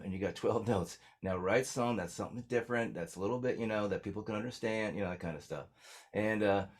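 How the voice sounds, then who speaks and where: A man telling stories as a songwriter guest in a casual interview, rambling with lots of fillers. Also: sits low.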